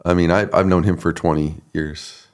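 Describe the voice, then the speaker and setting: A man's voice: low-pitched, normal speed, smooth. A man, an associate pastor, telling his story, laughing often and acting out what others said. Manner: relaxed, laughs often, acts out quoted people. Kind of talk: conversational storytelling.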